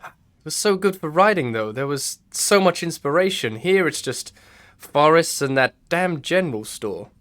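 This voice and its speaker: A man voicing the agent's girlfriend, a wistful, touchy woman writer, in his own voice lifted a little higher. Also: expressive, moderate pace, fairly bright tone. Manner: plain voice with the pitch lifted, no put-on accent. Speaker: game master voicing a character. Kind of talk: tabletop role-play character voice.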